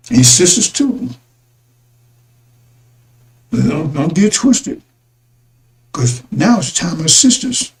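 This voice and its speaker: Gravelly high-voiced man preaching. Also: very animated, slow, pauses often, rough recording. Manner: repetitive, addresses listeners as brothers and sisters. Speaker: religious broadcaster. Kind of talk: rambling religious talk.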